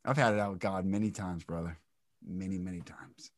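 A man's voice: low-pitched, fairly quick, dry recording. A man as a podcast guest, telling an emotional personal story with intensity and swearing freely. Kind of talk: candid interview talk.

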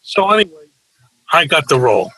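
A man's voice: on the high side, big pitch swings, brisk, sharp tone, breathy edge, no echo, low-quality recording. A man telling stories as an interview guest, a brash wisecracker who acts out the people he quotes. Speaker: guest, actor and nightclub performer. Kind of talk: casual anecdotal storytelling.

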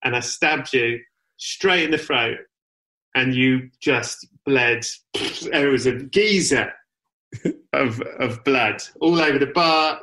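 A man hosting a comedy podcast, telling absurd stories in a casual deadpan way and swearing freely. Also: fairly high pitch, poor audio. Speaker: podcast host.

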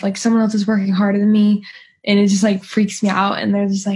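A woman's voice: medium pitch, completely flat delivery, fast talker, a little mellow, slightly rough. Chatty young woman with a North Carolina accent. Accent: North Carolina Southern. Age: 20s. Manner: chatty, peppers speech with "like". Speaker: guest athlete. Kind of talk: casual chat.

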